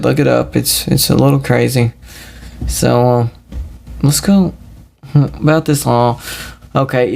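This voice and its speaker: A man talks through a solo podcast in a crude, profane, rambling rant. His voice sits at an ordinary pitch, with a gravelly rasp running through it. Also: a little mellow. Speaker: podcast host.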